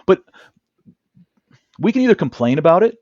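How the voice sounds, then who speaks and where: A man tells stories from his training work with lively energy, slipping into the voices of clients and colleagues as he quotes them. His voice sits at a middle pitch and sounds dry and a little dull, as if it comes through a video call. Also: normal speed, dry recording. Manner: animated, acts out quoted dialogue. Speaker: negotiation trainer. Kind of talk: interview storytelling. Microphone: video call camera.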